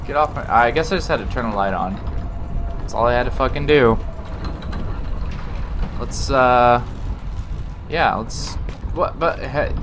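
A man's voice: mid-range voice, lively intonation, takes it slowly, long pauses. A man commenting on a horror game he is playing, frustrated and sarcastic and swearing often. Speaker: gaming video host. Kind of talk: let's play commentary. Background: game music.

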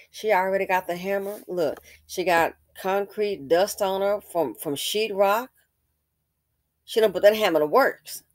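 A woman's voice: medium pitch, no room sound. Emphatic woman commentator, dry sound. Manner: emphatic, repeats points, asks rhetorical questions. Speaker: commentary channel host. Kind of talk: casual commentary on an ad.

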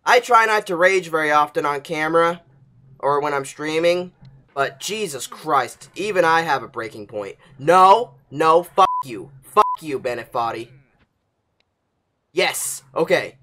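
Lively, bright-voiced swearing gamer. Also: male voice, on the high side, unhurried. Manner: profane, swings from explosive yelling to anxious muttering. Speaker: gaming channel host. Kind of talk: gameplay commentary.

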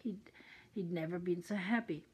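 A woman's voice: on the low side, moderate pace, a little mellow, breathy edge, poor audio. An older woman from Germany with a German accent, reading a children's story aloud with chatty asides. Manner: chatty asides between sentences.

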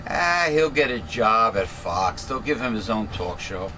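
A man's voice: lowish voice, animated, a little slow, bright, forceful tone, slight background noise. A man co-hosting a casual political chat, cracking puns and making emphatic points. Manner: wisecracking, punning, emphatic. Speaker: co-host.

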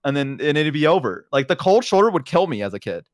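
A man's voice: a little high, fast talker, no room sound, clean studio sound. A young man with a Southern American accent, telling childhood stories in casual chat on a stream, laughing often. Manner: animated, laughs often, acts out quoted voices.

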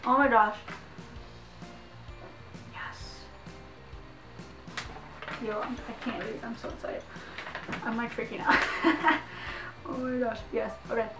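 A young woman, chatting excitedly through an unboxing vlog, giggling and saying "like" a lot. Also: on the high side, slow pace, long pauses, distant mic. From Canada. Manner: excitable and giggly, heavy use of "like". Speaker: vlogger. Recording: echoey room, voice off-mic, faint music.

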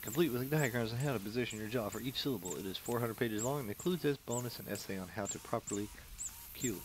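A man's voice: fairly low pitch, fast talker, a little hiss or hum, low-quality recording. A man doing casual let's-play commentary, joking, rambling and reading in-game notes aloud. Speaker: gameplay commentator.

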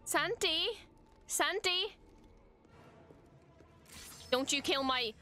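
A woman's voice: high-pitched, very slow, pushed and bright, soft background music. A woman hosting a reaction video, talking through a show in casual, emotional commentary with frequent exclamations and swearing.

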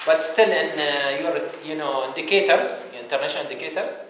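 A man's voice: fairly high pitch, brisk, a bit bright. A man from Bahrain hosting a workshop dialogue, emphatic and questioning the room. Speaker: dialogue host, speaker. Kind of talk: conversational workshop talk. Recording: echoey hall with background noise.

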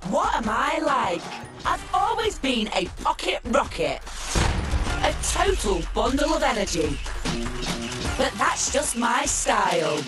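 A woman playing a firework costume character gushes in a high, voice. She draws her words out slowly and sounds excitable. An echoey room and music surround her. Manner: excitable, gushing.

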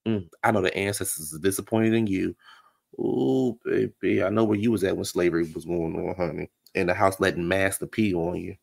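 A man's voice: low-pitched, fairly even intonation, fairly quick, creaky. A man doing a casual, sassy reality show recap, gossiping and calling his listeners baby and honey.

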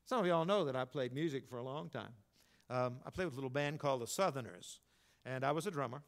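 An older man preaching a sermon as pastor, telling folksy stories and swinging between emphatic lines and quiet asides. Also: fast. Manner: folksy storytelling, rising to emphatic then dropping low.

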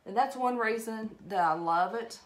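A woman's voice: on the high side, normal speed. A middle-aged woman with an Alabama Southern accent, chatting and rambling casually while she demonstrates a craft project live for viewers. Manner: chatty and rambling, greets viewers, laughs at herself. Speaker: craft live-stream host.

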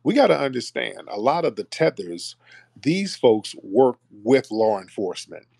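A man's voice: mid-range voice, sing-song, unhurried, creaky, a little mellow, no room sound. A man hosting a call-in talk show, blunt and mocking in manner. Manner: blunt, mocking, puts on voices to mimic callers. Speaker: host.

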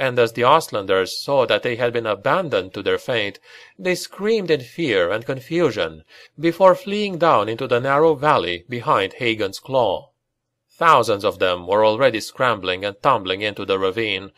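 A man narrating a dark fantasy audiobook in a grave, dramatic storytelling manner. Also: medium pitch.

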